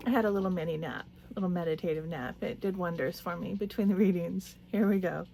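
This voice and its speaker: A woman in her late thirties giving a tarot reading, talking in a meandering, soft-spoken way with little laughs. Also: lowish voice, fast, gravelly, few pauses, slight background noise. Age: late 30s. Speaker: tarot reader. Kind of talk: casual spiritual talk to camera.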